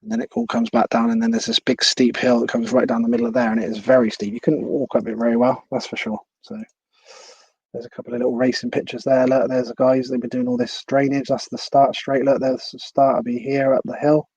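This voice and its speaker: A man's voice: mid-range voice, fairly even intonation, a little fast, darkish tone, husky, dry recording, dull audio. A man hosting a casual live stream at home, chatty and laughing at himself. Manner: chatty, laughs often, self-deprecating. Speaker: livestream host.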